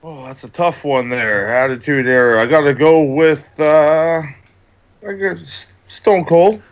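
A man with a slightly raised pitch trades jokes and crude wisecracks in a casual chat. He explains things plainly and cuts in with one-liners. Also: slow pace, lo-fi sound. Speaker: podcast co-host.

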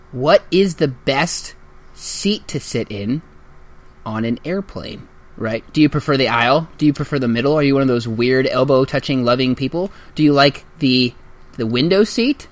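A man's voice: medium pitch, normal speed. A man co-hosting a podcast in casual chat, playful and rambling. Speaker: podcast co-host.

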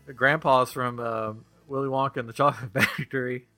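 A man's voice: medium pitch, fairly even intonation, fairly quick, pushed and bright, soft background music. A young man hosting a podcast in a casual, jokey chat, laughing often and acting out what others said. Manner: jokey, laughs often, acts out quoted voices. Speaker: podcast host.

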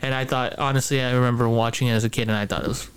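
A man's voice: mid-range voice, steady tone, rapid-fire, smooth. A man hosting a casual sports chat, rambling with many restarts and fillers. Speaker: podcast host.

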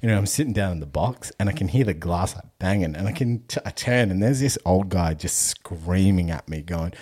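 Deep-voiced Australian man telling stories. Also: expressive, a little fast, mellow, husky. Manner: swears freely, laughs through his story. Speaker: podcast host. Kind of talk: casual storytelling chat.

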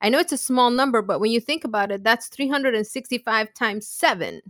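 A woman's voice: fairly high pitch, expressive, a little fast, a bit bright, no echo, studio quality. A woman co-hosting a podcast in casual chat, upbeat and conversational, often checking in with "right?". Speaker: podcast co-host.

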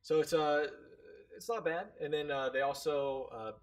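A man co-hosting a casual podcast, explaining game rules with joking, animated asides. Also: on the high side, normal speed. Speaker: podcast co-host. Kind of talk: casual chat about tabletop wargaming.

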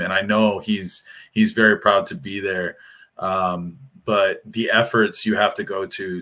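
A man from Hawaii with a Pidgin accent, a panel guest telling animated stories and acting out what people said. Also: low voice. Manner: animated storytelling with acted-out quotes. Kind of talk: casual panel discussion.

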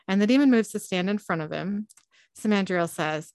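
A woman's voice: mid-range voice, moderate pace, a little mellow, no room sound. A woman co-hosting a podcast, giving a casual recap of a show's plot and laughing often. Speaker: podcast co-host.

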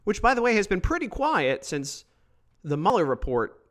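Man, political commentary, emphatic, lively pitch, mocking asides. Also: moderate pace. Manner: emphatic, animated, mocking quoted voices. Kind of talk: opinionated solo commentary.

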